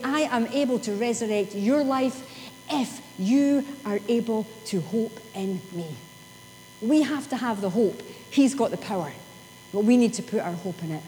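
High-voiced woman preaching in a hall. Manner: emphatic, with sudden drops to soft slow reading. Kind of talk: sermon. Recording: long hall reverb, faint hum.

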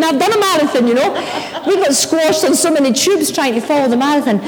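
A middle-aged woman preaching a sermon, telling personal stories in an animated way and acting out her own shouts. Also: high-pitched, normal speed, few pauses, long reverb tail, rough recording.

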